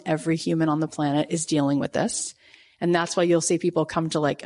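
A woman in her forties hosting a casual motivational talk, animated and acting out her own reactions in quoted asides. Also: on the low side. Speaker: podcast host.

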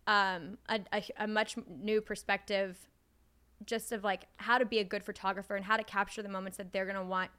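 A young adult American woman, a wedding photographer guest, telling stories in an animated casual way, full of likes and swearing. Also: medium pitch, a little fast, clean tone. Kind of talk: casual chat.

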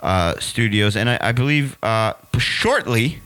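A man's voice: fairly low pitch, lively intonation, unhurried, fairly bright tone, no room sound. A man hosting a comedy podcast, rambling casually with fillers and swearing. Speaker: podcast host.

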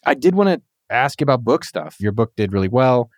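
A man's voice: mid-range voice, very animated, a little fast, dry recording, clean studio sound. A man hosting a podcast, talking in an upbeat, slangy, casual way with his guest. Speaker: podcast host.

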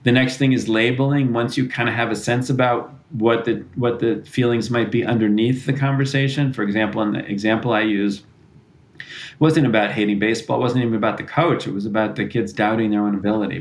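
A man's voice: lowish voice, fairly even intonation, fairly quick, poor audio. A man answering interview questions as a parenting author, earnest and explanatory, often restarting his sentences. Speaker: author and parenting expert guest.

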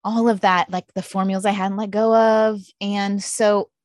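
A woman's voice: mid-range voice, flat delivery, normal speed, a little mellow, no echo, clean studio sound. A woman in her thirties, a mother and guest, chatting animatedly and voicing her own past thoughts in quotes. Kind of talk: podcast conversation.

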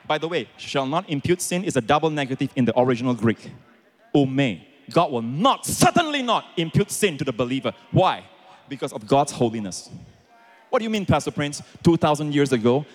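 A man preaching a sermon as pastor, swinging between quiet explanation and loud, shouted emphasis. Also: medium pitch, a little hiss or hum. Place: large church auditorium with congregation.

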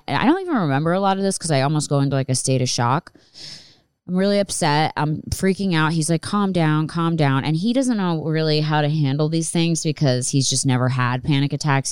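A woman's voice: rumbling low, darkish tone, smooth, no room sound. A woman in her thirties telling a personal story in a candid, rambling way and swearing freely. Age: 30s. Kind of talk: casual storytelling monologue.

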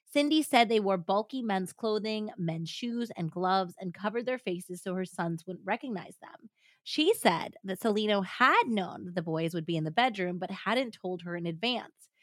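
A woman's voice: medium pitch, animated, normal speed, dry recording, clean studio sound. A young woman hosting a podcast, telling a story casually with lots of "like.". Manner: chatty, frequent "like" fillers. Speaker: podcast host.

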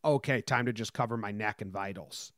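A man's voice: on the low side, fairly quick, dry recording, clean studio sound. A man co-hosting a casual podcast, joking offhandedly and cursing casually. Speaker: podcast co-host. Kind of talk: casual chat.

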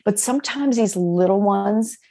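A woman's voice: mid-range voice, unhurried, creaky, mellow. A woman guest on a podcast, talking candidly in rambling runs as her voice starts to give out. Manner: rambling, restarts, many fillers. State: losing her voice. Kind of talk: candid conversation.

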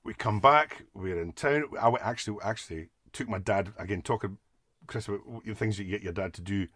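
A Scottish man on a podcast, telling animated anecdotes and laughing often. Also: fairly low pitch, fairly quick, slightly rough, no room sound, clean studio sound. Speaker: podcast guest. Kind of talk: casual storytelling.

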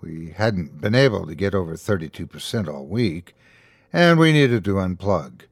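Man, horror story narrator, measured, animated pitch, dry close mic. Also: dry recording. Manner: measured storytelling, voicing characters lightly within the narration. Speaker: host and narrator.

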